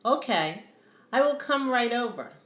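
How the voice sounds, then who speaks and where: A woman's voice: a little high, expressive, unhurried, voice pushed up. A woman reading the lines of an eager young woman talking to a friend, her voice raised. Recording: roomy echo.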